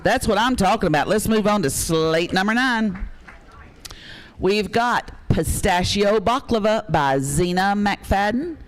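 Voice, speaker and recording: A man runs a charity auction. He calls out bids with excitement, teases the bidders and keeps pushing the price up. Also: high voice. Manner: excitable, urging bidders on, joking. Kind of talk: live auction calling.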